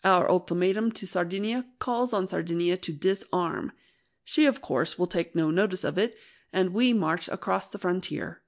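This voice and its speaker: A young army officer explains things in a steady, even tone, with a gentle teasing edge, as a woman reading an audiobook puts him on. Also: on the low side, moderate pace, lightly acted. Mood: calm. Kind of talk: audiobook narration.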